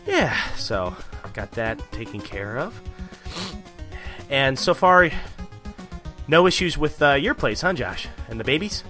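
Podcast host, male, 30s, bright animated voice, easy laughter, faint music. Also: mid-range voice, unhurried, long pauses. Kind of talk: casual chat.

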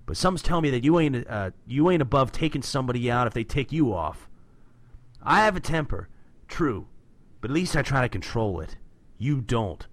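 A man doing a gruff, stern turtle vigilante. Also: mid-range voice, sing-song, brisk, no room sound, lightly acted. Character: hot-headed young male turtle vigilante.

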